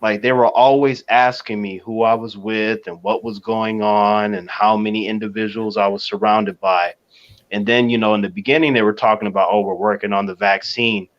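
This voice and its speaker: A low-voiced man tells a long story on a casual talk panel, easygoing and measured, dropping soft fillers as he goes. The sound comes through dull and lo-fi. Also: fairly even intonation.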